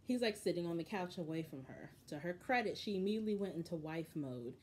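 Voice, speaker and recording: A woman hosting a casual recap of a reality show, telling the story in an animated, opinionated way. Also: fairly low pitch, fast talker, a little hiss or hum.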